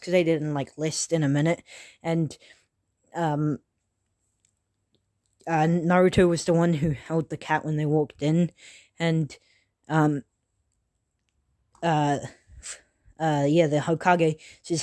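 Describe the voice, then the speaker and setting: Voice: mid-range voice, level tone, takes it slowly, pauses often, a little mellow. A person improvising a fan-fiction story, talking loosely and correcting themselves often, with casual swearing along the way. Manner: rambling, loose and unscripted, full of self-corrections.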